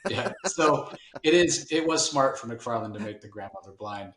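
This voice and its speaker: A man hosting a podcast, giving a rambling, relaxed recap of a comic book issue. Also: mid-range voice, moderate pace. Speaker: podcast host. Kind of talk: casual comic book discussion. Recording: roomy echo.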